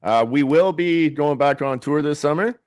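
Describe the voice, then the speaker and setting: Smooth-voiced podcast host. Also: male voice, a little high, normal speed, darkish tone, dry recording. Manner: joking, loose, reads viewer comments aloud. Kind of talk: casual live podcast chat.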